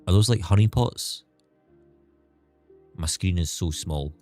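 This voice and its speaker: A young man with a softened Scottish accent chats on a livestream in a very low voice. He rambles candidly, restarts his sentences often and lets a swear word slip now and then. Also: slow pace, faint music behind. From Scotland. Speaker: streamer. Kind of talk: casual livestream chat.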